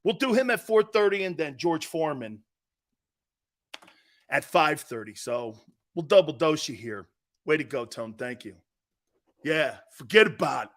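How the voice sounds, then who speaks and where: A middle-aged man with an East Coast American accent, hosting a sports talk show in brash, loud, joking banter. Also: a little high, animated, moderate pace, long pauses. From Northeastern United States. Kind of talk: casual live show banter.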